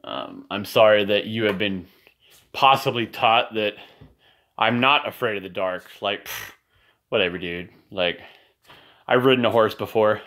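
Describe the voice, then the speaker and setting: A man's voice: on the low side, normal speed, a bit bright. Rambling man talking to camera at home. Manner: rambling and meandering, often apologizing; profane and ranting at times. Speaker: father filming a video message. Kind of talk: rambling casual home video. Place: indoors at home, in a room with a nightlight.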